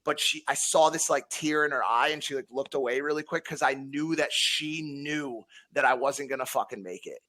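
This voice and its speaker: A man's voice: mid-range voice, normal speed, few pauses, pushed and bright. A man in his thirties from Connecticut, a podcast guest telling a long personal story, blunt and swearing often, with many restarts. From Connecticut, USA. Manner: blunt, heavy swearing, frequent repeats.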